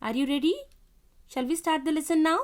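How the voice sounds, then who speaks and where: A woman with an Indian English accent teaching a young children's class, reading a story aloud slowly and spelling out words letter by letter. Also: sits high. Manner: instructive, repeats directions to children. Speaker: schoolteacher.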